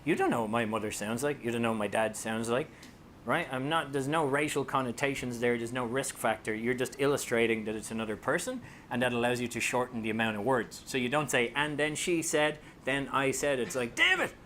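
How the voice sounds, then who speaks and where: A man with an Irish accent giving a comedic talk to an audience as a speaker and author, animated and joking, slipping into voices for quotes. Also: medium pitch, fast talker, a little hiss or hum. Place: company talk room with a live audience.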